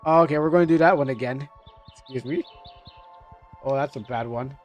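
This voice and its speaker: A man commentating live on a game he plays, excitable and puzzled, swearing now and then. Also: mid-range voice, normal speed, highs cut off, faint music behind. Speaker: streamer.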